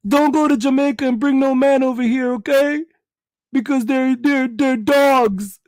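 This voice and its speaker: A man voicing a loud woman warning her friends on social media, dramatic and exclamatory. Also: extremely high pitch, steady tone, measured pace, no room sound, studio quality. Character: loud gossiping woman venting online.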